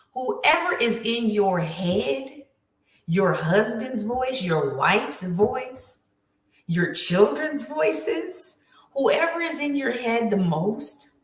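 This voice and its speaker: Emphatic woman coach in an echoey room. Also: mid-range voice. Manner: emphatic, preachy, repetitive phrasing. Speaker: writing coach. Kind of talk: motivational coaching talk.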